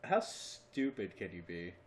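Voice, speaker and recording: A man co-hosting a podcast in casual chat, blunt and quick to swear, talking at home. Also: deep voice, big pitch swings. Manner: blunt, swears, laughs along. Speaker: podcast co-host.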